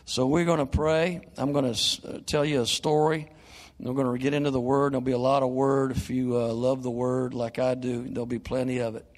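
An older man preaching as a guest evangelist in a church. He moves between hushed, earnest prayer and animated storytelling. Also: medium pitch, brisk, big-room sound. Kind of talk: sermon and prayer. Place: church sanctuary.

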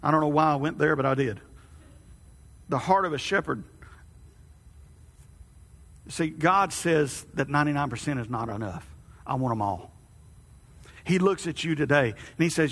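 A man delivers a folksy, conversational sermon, his voice pitched high and ringing bright. He talks to the congregation as friends, asking them questions along the way. The sound carries the long reverb of a church hall. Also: normal speed. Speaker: pastor.

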